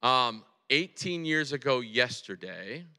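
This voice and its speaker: A man in his forties preaching a sermon in a large hall, conversational and animated, often checking in with his listeners. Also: mid-range voice, slow pace. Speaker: pastor. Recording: long hall reverb.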